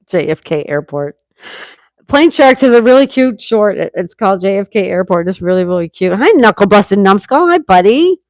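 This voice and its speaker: A woman's voice: medium pitch, sing-song, normal speed, no echo, studio quality. A woman in her sixties from New York State, hosting a casual livestream and chatting as she reads viewers' comments aloud. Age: 60s. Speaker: livestream host. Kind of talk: casual live chat reading comments.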